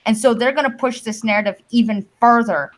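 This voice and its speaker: A woman's voice: on the high side, a little fast, poor audio. A woman from Canada hosting a live-stream podcast, explaining her views at length in casual talk with casual swearing. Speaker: podcast host.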